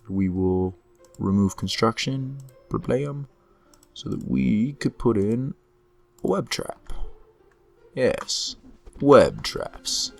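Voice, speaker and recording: A slow, unhurried man with a lowish, gravelly voice, narrating his own game as he plays it. He is losing his voice, and he talks each move through half to himself at a desk mic with keyboard clicks nearby. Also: lively intonation, soft background music. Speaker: gameplay commentator. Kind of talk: relaxed let's-play commentary.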